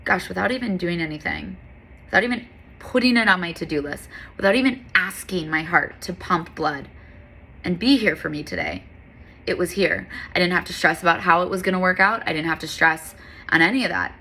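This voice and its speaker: A woman's voice: on the low side, lively intonation, fairly quick, vocal fry, bright, forceful tone, slightly rough. A woman yoga instructor talking in an earnest, candid, heartfelt monologue, with frequent fillers.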